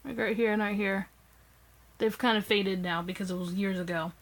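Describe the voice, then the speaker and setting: Talking at normal speed to her phone camera, a young vlogger shares a personal story in a chatty, expressive way, pushing her voice up to play the quoted parts. Her pitch is mid-range but varies widely between lines, and the recording is rough.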